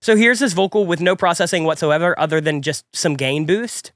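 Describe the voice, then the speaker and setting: A man's voice: a little high, brisk. A young man with a stuffy, cold-affected voice, hosting a music production tutorial in an upbeat, chatty, rambling way. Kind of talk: casual tutorial talk.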